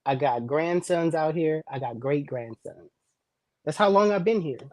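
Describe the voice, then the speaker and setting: A man's voice: fairly high pitch, expressive, a little slow, darkish tone, dry recording, studio quality. A man, a regular on a casual talk stream, trash-talking with brash confidence and repeating his lines for emphasis. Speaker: hair brushing competitor and show regular. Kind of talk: boastful casual chat.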